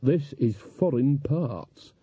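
A man's voice: medium pitch, expressive, takes it slowly, dark tone, husky, dry recording. A man voicing a cheerful, earthy old witch woman with homely rustic speech.

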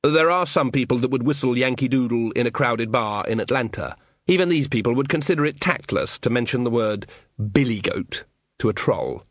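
A man narrating an audiobook in a measured, wry storytelling manner. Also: medium pitch, lively intonation, dry recording. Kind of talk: scripted narration.

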